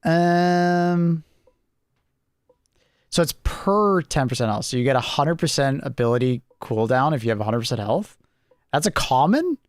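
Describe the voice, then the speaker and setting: A man's voice: medium pitch, unhurried, clear, resonant tone, no room sound, clean studio sound. A young man streaming a game in casual chat, laid-back, swearing freely and chuckling often.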